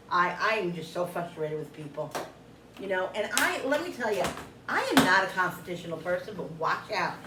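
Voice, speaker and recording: A middle-aged woman chats while cooking in her kitchen, retelling a frustrating story in an animated, exasperated way and acting out the other people in it. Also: fairly low pitch, a little fast. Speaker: cooking vlogger. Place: home kitchen. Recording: echoey room, distant mic, background hum.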